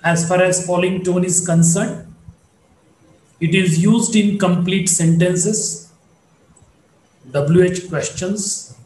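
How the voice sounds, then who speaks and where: A man giving a recorded online phonetics lecture, explaining slowly and repeating points for students. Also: sits high, reverberant, low-quality recording.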